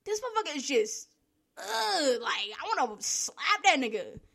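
A woman's voice: high voice, big pitch swings, moderate pace, sharp tone. A young woman telling a casual, profane story about her work, laughing often as she talks. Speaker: store worker telling work stories.

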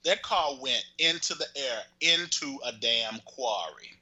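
A man casually chatting and retelling a soap opera, animated and rambling, with frequent cursing. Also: mid-range voice, a little slow, slightly rough, low-quality recording. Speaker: storyteller recapping a soap opera. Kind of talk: casual chat.

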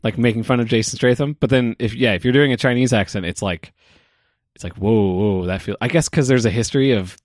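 A man's voice: medium pitch, quick pace, dry recording, clean studio sound. A man co-hosting a casual movie review chat. He is chatty and laughs easily. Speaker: podcast co-host.

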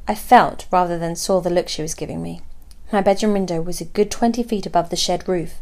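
A woman, reading a first-person story in a steady, low-key way. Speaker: audiobook narrator.

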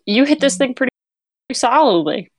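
A woman acting as game master, narrating a tabletop game with steady, patient rulings. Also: sits high, normal speed, no echo.

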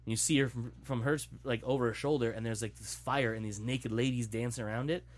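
A man in casual chat, retelling a story in an animated, profane way. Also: medium pitch, quick pace.

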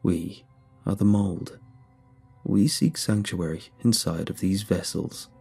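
An eerie, ancient mold hive speaks softly through a dead dog, as a male narrator puts it on. Its voice is low, dark and a little husky, calm and sighing rather than loud. A quiet horror-story reading with faint music behind. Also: slow pace, heavily acted. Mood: calm, wistful.

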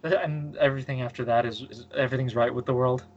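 A man in easygoing podcast banter who rambles and stammers through his points. He giggles a lot and pokes fun at himself. His voice has an ordinary middle pitch. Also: steady tone, fast, highs cut off. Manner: giggly, rambling, self-deprecating. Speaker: podcast co-host. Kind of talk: casual movie chat.

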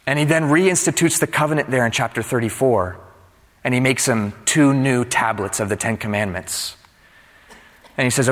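A man preaching a sermon in an animated, joking way, turning earnest and hushed as he retells scripture. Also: mid-range voice, normal speed. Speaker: pastor. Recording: reverberant hall.

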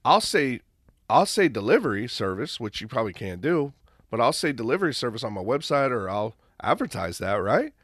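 A man's voice: fairly quick, no echo, studio quality. A man co-hosting a casual podcast, telling a story with lots of energy and acting out phone calls. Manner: animated storyteller who acts out phone calls in a high mimicking voice. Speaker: podcast co-host, restaurant owner.

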